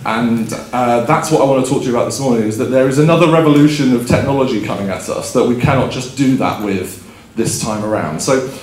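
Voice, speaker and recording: A man's voice: mid-range voice, fast, a little mellow. A man in his thirties gives a chatty, self-deprecating conference keynote, telling a story with frequent ums and laughing at himself. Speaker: keynote speaker. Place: conference hall stage. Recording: roomy hall, faint background ambience.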